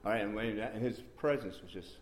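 Low-voiced man giving a rambling church testimony. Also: a little fast, slight background noise. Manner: rambling and repetitive, with sudden excited bursts. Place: church meeting room. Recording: roomy echo.

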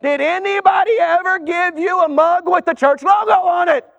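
A man voicing a brusque male gatekeeper at heaven's gates who loudly interrogates a newcomer. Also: very high-pitched, normal speed, long reverb tail, lo-fi sound, pitched above the performer's own voice. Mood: interrogating. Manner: loud, incredulous, interrogating.

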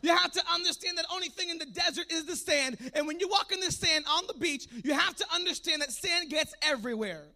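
A male preacher of Puerto Rican background delivers a fervent call-and-response sermon, moving from quiet asides to shouted exhortations. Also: very high-pitched, a little fast, gravelly, hardly any pauses.

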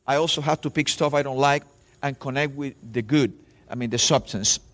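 A man's voice: medium pitch, a little fast. A man, a pastor preaching a sermon in church and telling stories straight to the congregation. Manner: animated storytelling preacher, addresses crowd directly.

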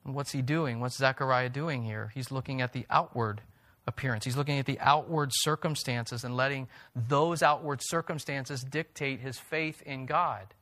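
A man's voice: mid-range voice, moderate pace, a bit bright. A male pastor preaching a sermon to his congregation. He talks earnestly and builds to emphatic peaks.

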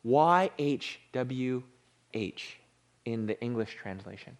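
A man preaching a sermon, animated, sinking into a hushed low voice on the holy words. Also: slow pace. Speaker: pastor.

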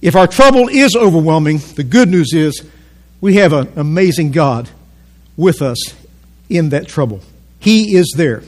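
Male pastor, high voice, emphatic pulpit preaching in a church auditorium. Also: animated, darkish tone. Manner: emphatic preaching, slows down for quotes and calls the congregation to repeat. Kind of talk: sermon.

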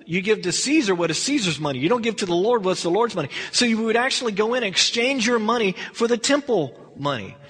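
A man's voice: high voice, lively intonation, quick pace, few pauses, fairly bright tone, husky. A man teaching a verse-by-verse Bible study, telling the story in a rambling, conversational way. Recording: long hall reverb.

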